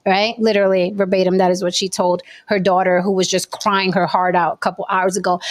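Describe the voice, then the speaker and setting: A woman giving expressive, mocking commentary as a panelist in a casual chat. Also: medium pitch, fairly quick, few pauses.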